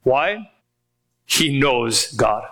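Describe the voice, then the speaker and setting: A man preaching a sermon as pastor, emphatic, asking rhetorical questions and slowing down on key phrases. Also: mid-range voice, sing-song, a bit bright.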